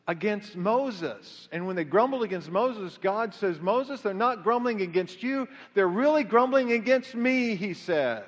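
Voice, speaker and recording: A man preaching a sermon in an animated way, swinging his pitch up and down to act out quotes. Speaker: pastor. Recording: dull lo-fi sound with long hall reverb.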